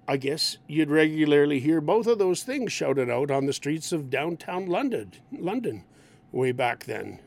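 A man explaining English expressions in a lesson. His voice is gravelly and sits a little high for a man. He swings his pitch widely and acts out lively example lines. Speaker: English teacher.

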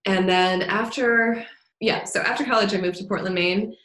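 A woman guest on a podcast talking casually in a cheerful way, laughing often and filling pauses with ums. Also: mid-range voice, fairly even intonation, a bit bright. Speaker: podcast guest, dance teacher. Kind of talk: casual interview chat. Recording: roomy echo.

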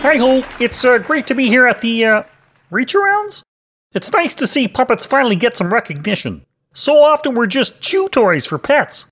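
A man's voice: very high voice, sing-song, moderate pace, a bit bright, faint music behind, heavily acted. A man voicing a cranky, foul-mouthed male frog puppet who rants crudely in a comedy sketch. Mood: bitter ranting. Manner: bitter ranting, crude.

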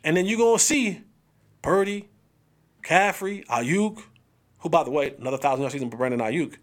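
High-voiced animated sports podcast host. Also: male voice. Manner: animated, trash-talking, slangy; drawn-out hype exclamations. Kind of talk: casual sports talk.

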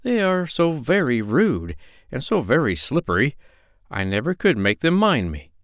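A man voicing a gentle, anxious female dog in a storybook, speaking in a prim, fussy way. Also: mid-range voice, sing-song, moderate pace, no echo, studio quality, pitched above the performer's own voice, close to an everyday voice. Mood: fretful. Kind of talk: storybook reading.

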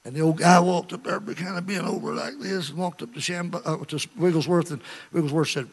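Male preacher, slightly high voice, animated storytelling sermon with hushed asides and shouts. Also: brisk.

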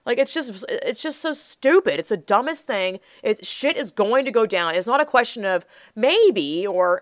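A woman hosting a political commentary show, rambling with many fillers and turning heated and loud when angry. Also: on the high side, expressive, normal speed, few pauses, dry recording, clean studio sound. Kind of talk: casual opinionated monologue.

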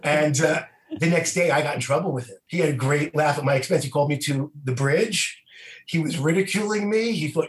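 A man from New York, a comedian, spins his road stories with animated energy. His voice sits fairly high for a man, and the room gives it a noticeable echo. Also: normal speed. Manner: animated, lively storyteller. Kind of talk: storytelling in an interview. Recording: roomy echo.

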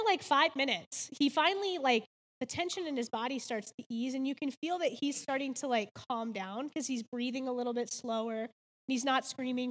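A woman in her thirties speaks in a high, bright voice, giving a heartfelt faith devotional. She tells her story earnestly and drops in casual "like"s. A long reverb hangs behind her words. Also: fairly quick.

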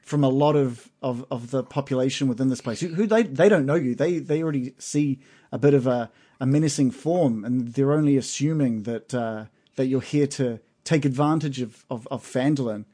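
A man running a tabletop game as game master, narrating in a halting way with many pauses, then speeding up. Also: medium pitch, mellow, slightly rough. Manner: halting, many fillers and restarts, then quick bursts.

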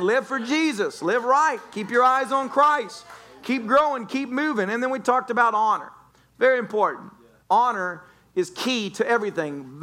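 A man's voice: high voice, a bit bright. A man preaching a sermon as a pastor, joking and playfully telling stories to the congregation. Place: church sanctuary.

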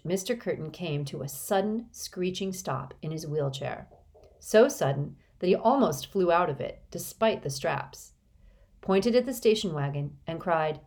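Woman reading a middle-grade novel aloud, expressive, slightly low register. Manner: expressive storytelling. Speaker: audiobook narrator. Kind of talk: scripted narration.

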